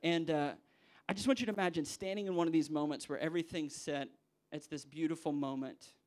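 A young man, a pastor preaching a sermon to church leaders, acting out quoted voices with big jumps in pitch. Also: fairly even intonation, brisk, a little mellow. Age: young adult.

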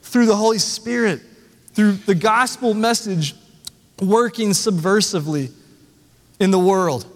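A man's voice: high-pitched, measured pace, long pauses, big-room sound. A man preaching a sermon as the pastor, earnest and conversational, asking the congregation rhetorical questions. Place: church sanctuary.

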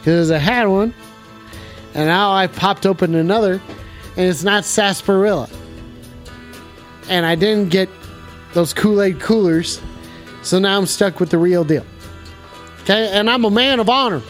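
A man with a notably high voice plays a rowdy, foul-mouthed cowboy host on a joke call-in show. He drawls, swears freely and breaks into whooping yells, with faint music somewhere in the background. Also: measured pace, long pauses. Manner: rowdy, profane cowboy persona; bursts into whooping shouts. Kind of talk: improvised comedy bit.

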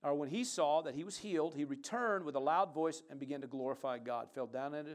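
A pastor preaches a sermon, reading scripture aloud and moving from conversational asides to loud, emphatic bursts as he calls for amens. His voice is on the high side, and he talks a little fast.

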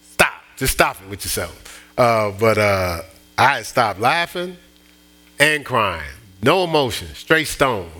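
A man's voice: lowish voice, bright, forceful tone. A man preaching a sermon, telling a personal story with many restarts and bursts of rising emphasis. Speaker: pastor.

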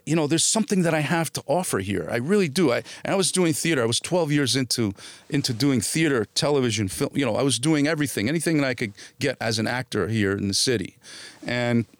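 A man's voice: medium pitch, fast talker, no room sound. Middle-aged jersey guy telling stories, plays out all the dialogue, mid voice, dry room. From New Jersey area. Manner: animated anecdotes, quotes people in dialogue. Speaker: actor, interview guest. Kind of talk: casual storytelling.

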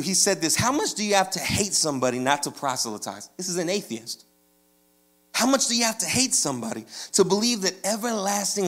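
A man preaching a sermon in a loose, conversational way, with casual slang and lively swings in energy. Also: fairly high pitch. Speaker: pastor.

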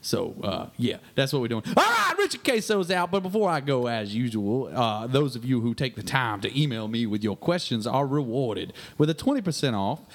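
A man's voice: medium pitch, very animated, normal speed, few pauses. A man playing a crude, boastful fishing guide who rambles through listener mail on a comedy radio sketch. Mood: brash.

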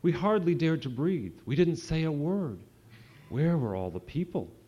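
A man, an author, reading a rhyming children's story aloud to an audience in a sing-song, lively way. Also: on the high side, moderate pace, husky. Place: event hall with an audience. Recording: dull lo-fi live recording.

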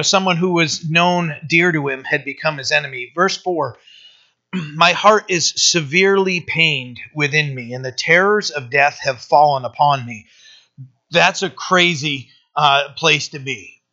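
A pastor talks through a psalm in an easy, conversational manner, often pausing on fillers and restarting his sentences. His voice is bright and sits a little high for a man. The recording sounds dull and lo-fi. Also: vocal fry. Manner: casual, halting, with many fillers and restarts. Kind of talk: conversational Bible teaching.

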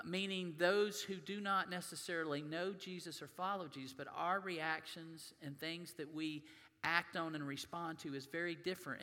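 A man's voice: on the high side, sharp tone, long reverb tail. A man preaching a sermon in a church, reading scripture aloud in a conversational way. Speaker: pastor. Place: church sanctuary.

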